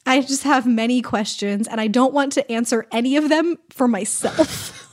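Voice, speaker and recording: Woman, podcast co-host, casual chat, laughs often, playful questions, slightly high voice. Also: normal speed.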